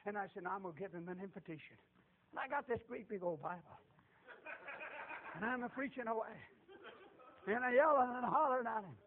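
A man, a street preacher telling a story in a folksy, laughing way and breaking into shouted preaching. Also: high-pitched, brisk, long pauses, noisy background. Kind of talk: storytelling sermon. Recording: tinny phone-like radio recording.

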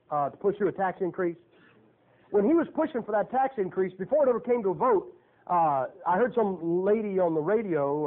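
Male preacher, high voice, folksy and emphatic, phone-thin audio. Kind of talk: sermon. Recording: tinny phone-like lo-fi recording.

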